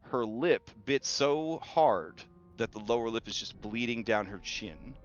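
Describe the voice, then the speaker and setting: Slow-paced man narrating a game. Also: medium pitch, lively intonation, soft background music. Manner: slow, graphic storytelling with many fillers. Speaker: game master. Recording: dull lo-fi audio.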